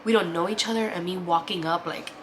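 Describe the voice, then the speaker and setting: A woman's voice: fairly low pitch, fairly even intonation, fairly quick, background noise. A woman in her twenties telling a personal story in a casual vlog, candid and emotional, swearing freely and filling her speech with "like". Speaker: vlogger. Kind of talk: casual storytime over a meal.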